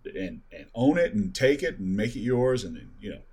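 A man in a casual discussion, speaking softly and hesitantly, with lots of fillers. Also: lowish voice, very animated, normal speed, husky.

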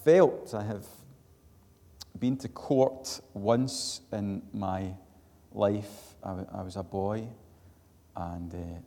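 Scottish man, sermon, low gravelly voice, long hall reverb. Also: steady tone, slow pace, long pauses. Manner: earnest storytelling, rising to loud emphatic peaks, then dropping quiet. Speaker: preacher.

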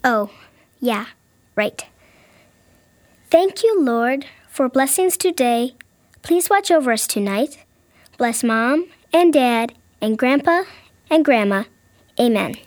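A woman's voice: fairly high pitch, lively intonation, slow, pauses often, no room sound. A woman voicing a young girl who is hurt and sulky with her brother, in a pouty, whiny child's voice, in a family audio drama. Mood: upset.

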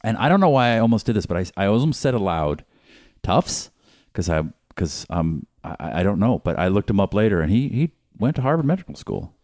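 Animated low-voiced man teasing. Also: a little fast, no echo, studio quality. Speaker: podcast co-host. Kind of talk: casual chat.

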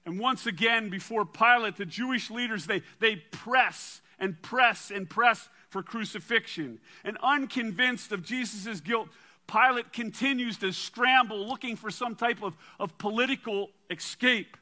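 A man preaching a sermon and reading scripture aloud in a dramatic way, dropping to a quiet low voice for emphasis. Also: unhurried. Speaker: pastor.

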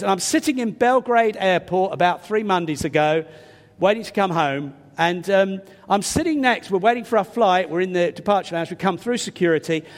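An older English man with a slightly stuffy nose, preaching a sermon and telling a self-deprecating personal story in a chatty way. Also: high voice. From England. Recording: long reverb of a large hall.

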